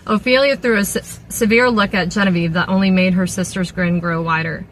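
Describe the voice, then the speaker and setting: A woman reading a novel aloud at an even, steady pace, with a few small restarts. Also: mid-range voice, brisk, hardly any pauses, slight background noise, low-quality recording. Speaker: audiobook reader.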